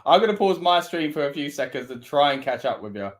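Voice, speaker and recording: Excitable Scottish man reacting live. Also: a little high, fast talker. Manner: excitable, bursts into loud reactions. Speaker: co-host of a wrestling watch-along. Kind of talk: live watch-along reaction commentary.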